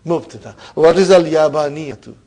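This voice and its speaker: A man with a fairly high, mellow voice teaches an Arabic grammar class at a moderate pace. He quizzes his students, checking in with a "huh?" between points and laughing often.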